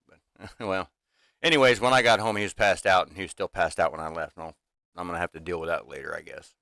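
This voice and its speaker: A man's voice: deep voice, steady tone, fast talker, vocal fry, bright, forceful tone, dry recording, clean studio sound. A man in his fifties venting casually to his livestream chat in a rambling way, full of restarts and fillers, from a small home workshop room. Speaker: livestream host.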